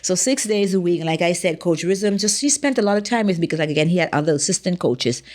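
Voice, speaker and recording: A Bahamian woman, a former track athlete, telling stories from her career in an interview, acting out the dialogue with animated energy. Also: on the low side, fast. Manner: animated storyteller, acts out dialogue. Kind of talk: storytelling in a sit-down interview.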